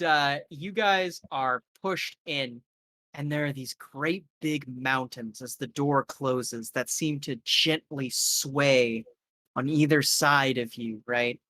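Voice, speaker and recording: A man's voice: medium pitch, a bit bright, dry recording. Man narrating a tabletop horror game. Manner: loose, filler-heavy narration. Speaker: game master.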